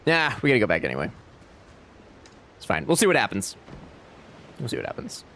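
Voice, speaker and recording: A man's voice: medium pitch, huge pitch swings, brisk, a bit bright, slight background noise. A young man streaming a game live, chatting casually and animatedly with his chat and friends, swearing freely.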